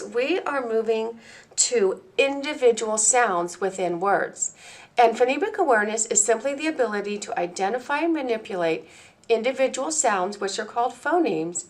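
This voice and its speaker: A woman presenting a training lesson for teachers, speaking clearly and deliberately and slowing down to model words and sounds. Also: medium pitch. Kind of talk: instructional presentation.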